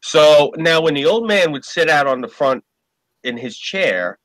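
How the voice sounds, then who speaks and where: A man telling a story on a casual podcast, animated and profane. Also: a little high, measured pace, no room sound, rough recording. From New York. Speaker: podcast co-host.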